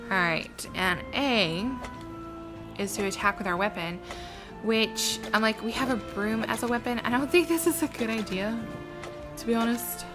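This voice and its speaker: A woman's voice: on the high side, moderate pace, music in the background. A woman giving chatty, giggly commentary while playing a video game. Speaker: let's play gamer.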